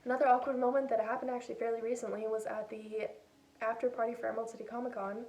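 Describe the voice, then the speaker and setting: A woman's voice: a little high, flat delivery, quick pace, a little mellow, echoey room. Chatty young woman on a distant phone. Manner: chatty, self-deprecating, acts out her own quotes. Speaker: vlogger. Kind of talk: casual storytelling. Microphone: old phone.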